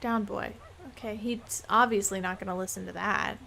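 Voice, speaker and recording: Young woman game streamer, playful running chatter, gravelly edge to her voice. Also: mid-range voice, steady tone, fairly quick, sharp tone. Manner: chatty, playful, musing aloud. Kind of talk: live game stream chat.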